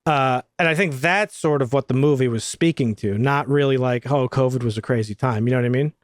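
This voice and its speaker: A man chatting casually on a film review podcast, swearing freely and getting animated when he tells stories. His voice sits in a middle pitch. The sound is dry and close, with no room echo. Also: brisk. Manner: profane, animated storytelling. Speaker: podcast co-host.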